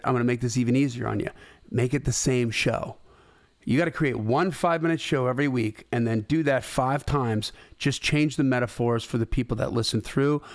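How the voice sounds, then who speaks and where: A middle-aged man recounts a story in casual talk, with an animated, conversational delivery that slips into quoted dialogue. His voice sits at an ordinary middle pitch. The recording is dry and close, with no room sound. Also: no echo. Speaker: host.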